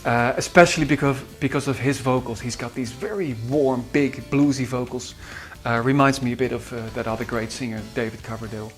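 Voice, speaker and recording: A man with a Dutch accent, a musician recalling studio sessions in a halting way with many fillers. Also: medium pitch, fairly even intonation, soft background music. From Netherlands. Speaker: musician and producer. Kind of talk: behind-the-scenes recollection.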